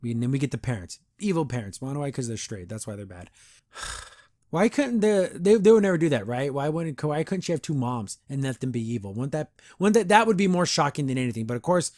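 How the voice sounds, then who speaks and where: A man's voice: mid-range voice, very animated, fairly quick, a little mellow, dry recording. A man hosting a podcast, giving a casual, opinionated and easily amused review of a cartoon episode into a close microphone. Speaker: podcast host.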